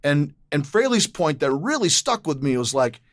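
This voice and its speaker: A man hosting a podcast interview, telling lively stories about teaching voice acting and acting out the people in them. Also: fairly high pitch, moderate pace, no room sound, studio quality. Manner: animated storyteller, acts out quoted people. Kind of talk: casual interview chat.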